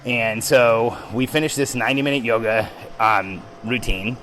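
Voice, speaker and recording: A man hosting a podcast, telling a story in an animated, excitable way with frequent ums. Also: medium pitch, moderate pace, a little hiss or hum, rough recording. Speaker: podcast host. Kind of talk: storytelling monologue.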